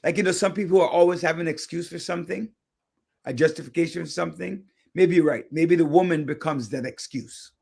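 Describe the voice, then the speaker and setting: A male radio host with a gravelly, crackly voice that sits a little high for a man. He talks casually and thinks out loud, tossing around opinions in a chatty way from the studio. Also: fairly quick. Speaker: radio talk show host. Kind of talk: casual talk radio chat.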